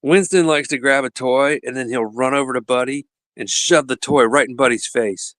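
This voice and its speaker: A man hosting a podcast, chatting casually and telling animated stories with frequent laughter. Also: medium pitch, normal speed, dry recording. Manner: animated storyteller, laughs often. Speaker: podcast host. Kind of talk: casual chat.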